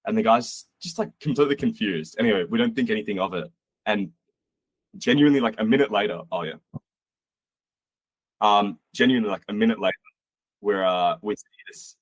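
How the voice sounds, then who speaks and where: A young man from Australia tells a wild travel story with a low, husky voice. He talks casually and animatedly, slipping into the voices of the people he quotes. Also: brisk, pauses often, dry recording. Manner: animated, acts out quotes, swears. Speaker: podcast guest.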